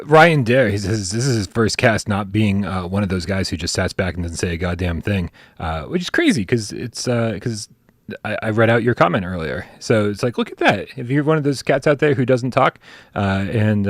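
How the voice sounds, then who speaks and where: A man's voice: lowish voice, dry recording. Male co-host, casual stream chat, rambling and laughing, dry mic. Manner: animated, mock-exasperated, laughing, rambling. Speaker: podcast co-host.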